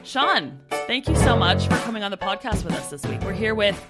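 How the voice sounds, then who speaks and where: A woman's voice: medium pitch, animated, fairly quick, loud music behind the voice. A woman in her thirties from Canada, co-hosting a podcast in casual, chatty talk with frequent laughs. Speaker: podcast co-host. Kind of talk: casual chat.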